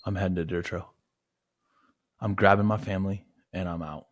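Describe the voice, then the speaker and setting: Man, low dead voice, deliberate dry co-host in casual banter. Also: fairly even intonation, dry recording. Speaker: podcast co-host.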